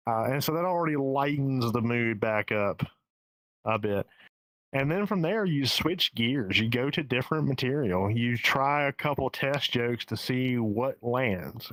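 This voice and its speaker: Man, Southern accent, comedian guest, candid, salty language, mid-pitched, dry close sound. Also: expressive, a little slow, a bit bright, no room sound, low-quality recording. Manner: candid and profane, with frequent restarts. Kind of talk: casual podcast interview. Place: home in the Pacific Northwest.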